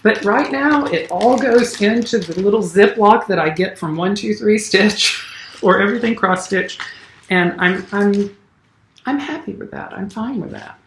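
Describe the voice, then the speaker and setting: A man's voice: sits high, a little slow, fairly bright tone, a little hiss or hum. Rambling Southern man in an echoey room. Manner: rambling, gushing, many fillers and restarts. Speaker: cross-stitch vlogger. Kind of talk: casual chat to camera.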